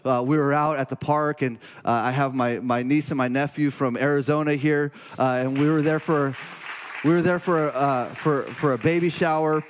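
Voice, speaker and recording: A male pastor in his forties delivers a sermon, his voice sitting a little high for a man. He speaks in an earnest, halting way, restarting phrases as emotion catches him. The delivery feels confessional and heartfelt. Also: steady tone, in a large hall, some chatter behind, a little hiss or hum.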